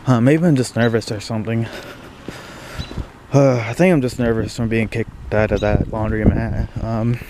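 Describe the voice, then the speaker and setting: A young man vlogging outdoors in the snow at dawn, talking quietly and hesitantly with many fillers, shivering and breathing heavily. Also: lowish voice, fairly even intonation, normal speed, a little hiss or hum. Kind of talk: casual vlog talk to camera.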